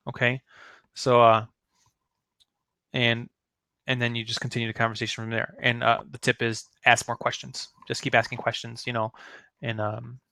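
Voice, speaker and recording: A man's voice: mid-range voice, pushed and bright, no echo. A man giving a casual sales training talk, chatty and full of fillers, acting out sample phone lines. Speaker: network marketing trainer.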